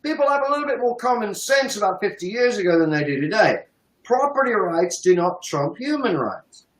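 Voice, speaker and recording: A man's voice: high-pitched, very animated, fairly quick, echoey room, rough recording. A British man giving sarcastic, profane political commentary on a livestream, mocking and emphatic. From United Kingdom.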